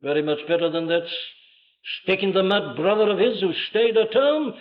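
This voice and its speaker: A man's voice: high-pitched, expressive, normal speed. An older man preaching a sermon with emphatic rhetorical questions and dramatic swells of voice. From Wales. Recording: dull lo-fi archive sermon recording.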